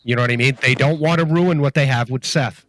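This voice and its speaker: A man co-hosting a casual wrestling chat, blunt and quick to swear. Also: medium pitch, fairly bright tone, no echo. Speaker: podcast co-host.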